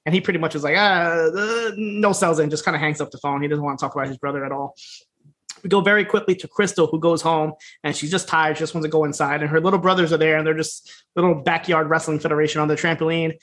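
A man whose pitch sits fairly high and who talks fast is co-hosting a podcast about a wrestling series. His recap is easygoing and profane, full of laughter and animated impressions of the characters' quotes.

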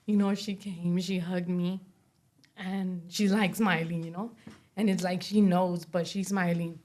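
A young woman speaking as an interview guest, giving a personal testimony in a soft voice full of "you know" and "like". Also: fairly low pitch, flat delivery, a little slow. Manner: soft-spoken, many fillers like "you know" and "like".

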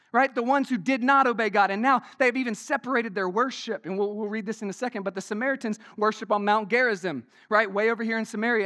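A man with a high voice preaching a sermon to his congregation. He keeps it conversational, firing off rhetorical questions and tagging "right?" onto his points. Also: a bit bright. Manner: says "y'all".

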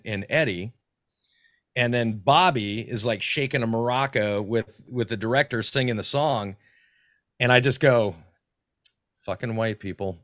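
A man's voice: mid-range voice, no echo. Casual podcast guest, male, swears freely, dry mic. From North Carolina. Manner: animated, profane, restarts often. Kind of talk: casual storytelling.

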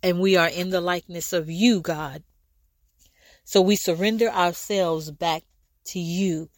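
A woman leading a fervent spoken prayer, pleading and repeating lines, at times rising to shouts and speaking in tongues. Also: on the low side, fairly even intonation, a little slow, no echo. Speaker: prayer leader.

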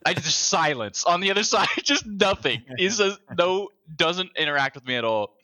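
A man's voice: sits high, big pitch swings, moderate pace, sharp tone. A man co-hosting a casual gaming podcast, telling profane, laughing stories. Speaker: podcast co-host.

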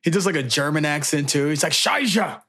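A man's voice: fairly high pitch, steady tone, fast, a bit bright. A young man co-hosting a casual chat, upbeat, with motivational asides. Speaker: podcast co-host.

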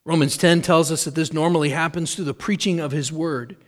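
Earnest, fairly high-voiced male preacher. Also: fairly even intonation. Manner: earnest, measured preaching with emphatic repetition. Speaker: pastor. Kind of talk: sermon.

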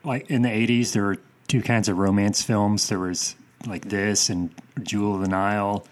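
Low-voiced, matter-of-fact male co-host. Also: flat delivery, moderate pace. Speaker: podcast co-host. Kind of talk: casual chat.

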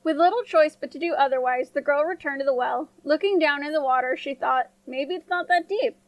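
High-voiced woman storyteller. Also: brisk, no room sound, poor audio. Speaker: storyteller, podcast host. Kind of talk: scripted storybook narration.

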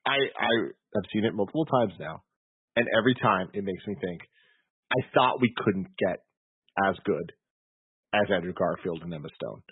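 A man's voice: sits low, expressive, moderate pace, slightly rough, no echo. A man on a podcast gushing about a movie he loves, stumbling over and repeating his words. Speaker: podcast co-host. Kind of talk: casual movie chat. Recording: dry tinny phone-like sound.

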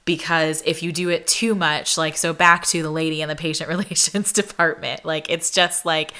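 At a moderate pace and with a low-pitched voice, a young woman vlogger shares a personal story. It comes across as a chatty, animated retelling in which "like" crops up again and again.

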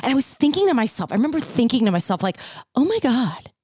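Lively, animated woman storyteller. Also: a little high, very fast, dry recording, clean studio sound. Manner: animated, playful emphasis, upbeat slang. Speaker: brand founder telling her story. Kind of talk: personal storytelling monologue.

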